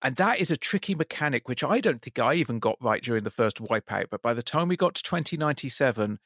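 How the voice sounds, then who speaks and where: A British man co-hosting a podcast, telling stories in a relaxed, wry casual chat. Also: mid-range voice, quick pace, no room sound, studio quality. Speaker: podcast co-host.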